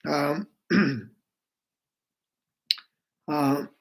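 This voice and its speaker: A man with a Tibetan accent, a native Tibetan speaker, gives an online Buddhist teaching in a slow, halting way, with many fillers, and chants mantras slowly. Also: on the high side, poor audio.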